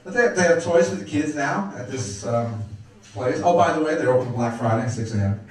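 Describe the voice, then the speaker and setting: Brash comic in an echoey club. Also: male voice, medium pitch, lively intonation, fairly quick, far from the mic. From Brooklyn, New York. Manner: brash, wisecracking, crowd work. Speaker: stand-up comedian. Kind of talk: stand-up comedy set. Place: comedy club stage.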